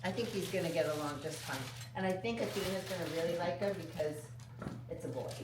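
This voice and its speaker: A young woman vlogger chatting casually, excitable, laughing often and gushing over her pets. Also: fairly low pitch, fast talker, heavy background noise. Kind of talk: casual vlog chat.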